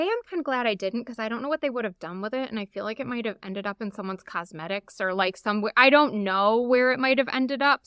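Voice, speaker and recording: Woman guest, candid conversational storyteller; bright, clear tone. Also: a little high, no echo, studio quality. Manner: chatty, open, frequent "like" asides. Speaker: podcast guest.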